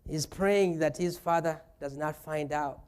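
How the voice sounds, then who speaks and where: A man's voice: fairly high pitch, a little slow, darkish tone, clean tone. A man preaching a sermon as pastor, retelling a scripture story with playful asides.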